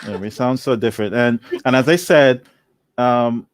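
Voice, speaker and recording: A man's voice: mid-range voice, normal speed, dry recording. A man from Barbados with a Barbadian accent, chatting as a podcast guest, laughing often as he explains. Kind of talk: casual conversation.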